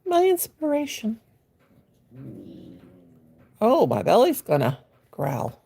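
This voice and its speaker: A chatty woman, talking to viewers on a phone livestream while she crochets. Her voice is deeply gravelly and husky, and her manner is homey and folksy. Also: huge pitch swings, takes it slowly, mellow. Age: 60s. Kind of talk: casual live-stream chat.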